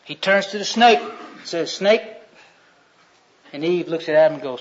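A man preaching a sermon, retelling Bible scenes in a folksy storytelling way that swings from loud to hushed. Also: a little high, lively intonation, moderate pace, pauses often, dull audio.

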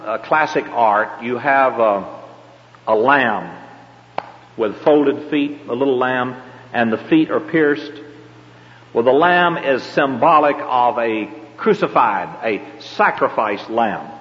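A man's voice: mid-range voice, lively intonation, slow. An older man with a Southern accent teaching a Bible class, rambling and folksy, with frequent hesitations. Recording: dull lo-fi tape in a reverberant hall.

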